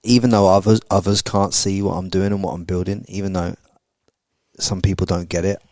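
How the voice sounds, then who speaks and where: A very deep-voiced man hosts a podcast and pushes his points with intense, motivational drive. He swears casually as he talks. His voice is close and dry, with no echo at all. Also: level tone, brisk, darkish tone. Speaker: podcast host.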